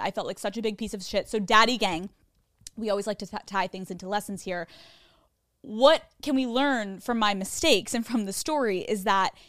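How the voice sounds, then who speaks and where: A woman hosts a solo podcast in a chatty, candid way, swearing freely and mocking herself. Her voice sits at a middling pitch. The recording is dry and close, with no room sound. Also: no room sound. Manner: candid, profane, self-mocking; chatty with frequent "like" fillers. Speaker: podcast host. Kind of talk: casual solo podcast storytelling.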